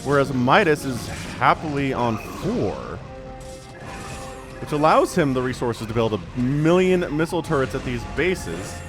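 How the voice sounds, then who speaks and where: A man's voice: mid-range voice, unhurried, over music. Chatty man casting a strategy game. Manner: chatty, rambling asides, easily excited. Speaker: esports caster. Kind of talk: solo game commentary.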